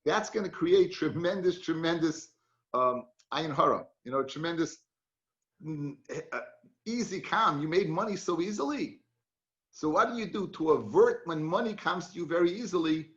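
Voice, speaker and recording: Chatty rabbi teaching a Talmud class. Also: male voice, on the high side, expressive, moderate pace, a bit bright, reverberant, dull audio. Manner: chatty, storytelling, mixes Hebrew and Yiddish terms.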